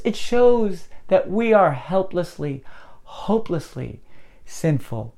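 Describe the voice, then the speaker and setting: A man's voice: high-pitched, very animated, slow pace, creaky, darkish tone. A male pastor preaching a sermon in a conversational, dramatic storytelling way, often restarting his phrases.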